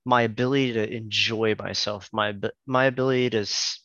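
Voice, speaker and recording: A man, a podcast guest, talking hesitantly in a casual interview, with many pauses and restarts. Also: lowish voice, fairly even intonation, fairly bright tone, dry recording, lo-fi sound.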